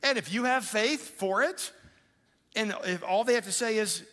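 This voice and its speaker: Bright-voiced pastor in an echoing church. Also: male voice, high voice. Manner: conversational, animated preaching with quick asides to the congregation. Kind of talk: sermon. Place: church auditorium. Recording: live church hall with long reverb.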